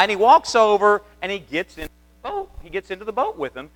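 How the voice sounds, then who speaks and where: Guy preaching casual, bouncy lively voice, lots of restarts, big echoey hall. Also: high voice, fast. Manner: chatty, storytelling, many restarts. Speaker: pastor. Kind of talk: conversational sermon. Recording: long reverb of a hall.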